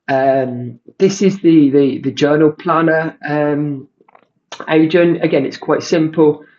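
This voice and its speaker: A man casually walking through a tech demo, halting with many ums and restarts. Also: fairly high pitch, warm tone, dull audio. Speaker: tech creator. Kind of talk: casual screen-share walkthrough.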